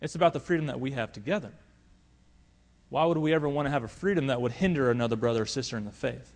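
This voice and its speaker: A male pastor preaching a sermon, swinging between loud emphatic appeals and quiet asides. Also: mid-range voice, fast talker.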